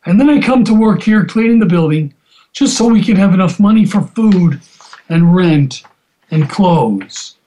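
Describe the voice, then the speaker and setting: A grieving widowed cleaning woman, a young mother, read out by a man with a high voice. The words come soft and measured, like a storybook quotation. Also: lively intonation. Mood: sorrowful.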